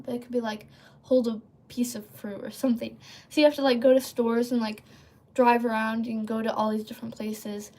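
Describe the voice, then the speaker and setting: A young-sounding woman hosts a livestream, chatting casually in a slightly raised, a little mellow voice. She rambles off topic, leans heavily on ums and likes, and often breaks off to read and answer viewers' chat messages. The audio suggests a device mic in a casual setup.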